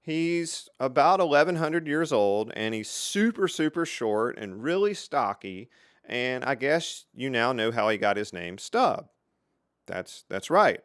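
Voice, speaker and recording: A middle-aged man hosting his own channel, telling stories from his engineering career in a casual, lively way. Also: mid-range voice, smooth, no echo, clean studio sound. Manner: lively, animated storyteller with dramatic pauses. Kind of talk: casual storytelling to camera.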